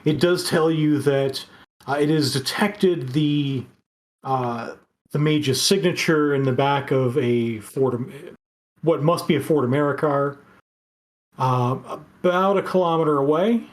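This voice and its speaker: A game master narrating a tabletop game, halting with many fillers. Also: medium pitch.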